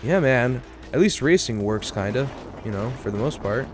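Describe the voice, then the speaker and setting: A young male streamer riffs on the game in loose, rambling commentary full of "like" and half-finished jokes. His voice sits in a plain, middling pitch. He is silly and playful, and he talks straight to his chat. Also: lively intonation, normal speed, music in the background. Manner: goofy, rambling jokes with lots of fillers. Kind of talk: casual live-stream commentary.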